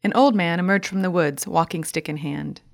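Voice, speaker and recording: A woman with a gravelly, low voice reads a memoir essay aloud. She delivers it in a measured, deliberate way, slowing down over each list. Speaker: reader.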